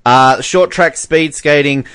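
A man's voice: on the high side, slow, fairly bright tone, clear, resonant tone, dry recording. Jokey Australian man with a close, dry sound. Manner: jokey, laughs often, stumbles over names. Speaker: podcast co-host reading results. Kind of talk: casual chat.

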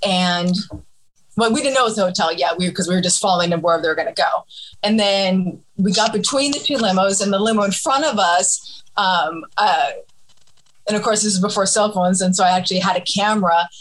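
A woman telling a long story in casual conversation, halting and animated, acting out other people's voices. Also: mid-range voice, low-quality recording. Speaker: guest.

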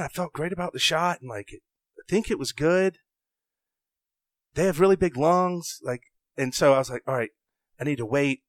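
A young Southern man spins an excitable story in casual chat. He breaks off mid-sentence and acts out his own thoughts. His mid-pitched voice is recorded close and dry. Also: no room sound. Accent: Southern American. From American South.

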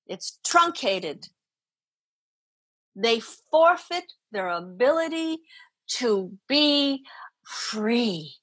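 Husky, emphatic woman guest. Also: on the high side, a bit bright, no room sound. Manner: earnest, emphatic, repeats phrases. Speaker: guest, spiritual teacher. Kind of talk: podcast interview.

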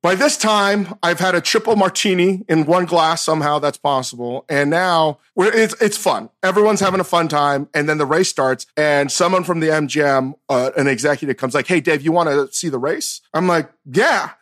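A middle-aged man with a high-pitched voice hosts a loose podcast conversation. He tells stories in an animated way, jumps into loud acted-out quotes, and keeps laughing along. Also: normal speed, few pauses. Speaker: podcast host. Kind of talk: casual chat.

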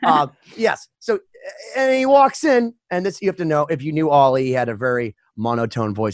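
A middle-aged man co-hosting a podcast, an animated storyteller who swears freely and acts out voices. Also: on the high side, normal speed, dry recording, clean studio sound. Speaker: podcast co-host, musician. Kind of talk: casual chat.

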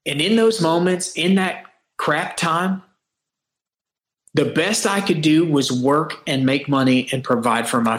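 A man guesting on a podcast, talking earnestly and reflectively in long runs with frequent restarts. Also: on the high side. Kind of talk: casual interview chat. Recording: roomy echo.

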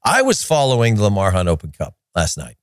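A man's voice: lowish voice, wildly swooping pitch, a little fast, no room sound, studio quality. A man hosting a soccer podcast in a chatty, opinionated way, with joking rants. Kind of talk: casual solo commentary.

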